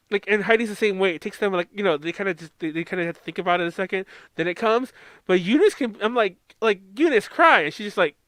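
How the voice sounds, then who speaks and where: Man, American accent, podcast co-host, casual rambling chat, frequent laughter, high pitch, dry close sound. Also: sharp tone, dry recording. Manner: rambling, laughs often, swears freely.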